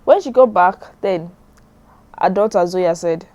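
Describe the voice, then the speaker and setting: A woman's voice: fairly low pitch, measured pace, dark tone, highs cut off. A young woman, narrating a drama story in a chatty way and commenting on it as she goes.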